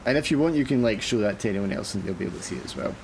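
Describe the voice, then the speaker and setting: A man's voice: on the low side, expressive, racing, darkish tone, a little hiss or hum. A man narrating a tabletop horror game as game master, casual and full of fillers.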